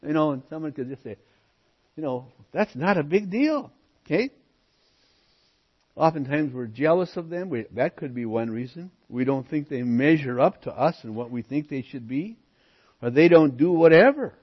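Husky-voiced man preaching an expository sermon. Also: mid-range voice, lively intonation, moderate pace, highs cut off. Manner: emphatic, often drops to quiet asides. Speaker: pastor. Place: church.

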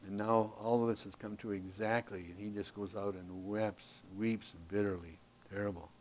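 Teaching a Bible class from a handout, a man with a fairly low voice speaks at normal speed, lively and folksy with playful asides. His volume moves between emphatic and hushed, and there's a little hiss or hum in the recording.

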